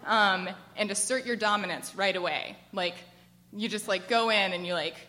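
An American woman in her twenties telling a personal story to a live audience, chatty and animated, with lots of "like" fillers. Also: medium pitch, normal speed. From United States. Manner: chatty and animated, frequent "like" fillers, laughs as she tells it. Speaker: storyteller at a work event.

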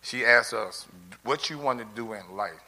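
A man's voice: medium pitch, moderate pace, pushed and bright. A middle-aged man giving an earnest, tearful testimonial, rambling with many restarts. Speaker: adult learner giving a testimonial. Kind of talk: heartfelt personal testimony speech.

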